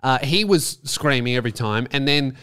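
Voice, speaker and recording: A man's voice: medium pitch, animated, normal speed, a bit bright, smooth. An Australian man hosting a podcast, rambling through a casual comedic monologue with sardonic, self-mocking jokes. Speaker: podcast host.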